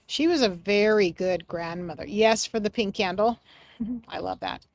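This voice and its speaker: A woman giving a live mediumship reading on a livestream, speaking gently and affectionately, sometimes dropping soft and sometimes breaking into excited bursts. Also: mid-range voice, unhurried, gravelly, dry recording. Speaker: psychic medium.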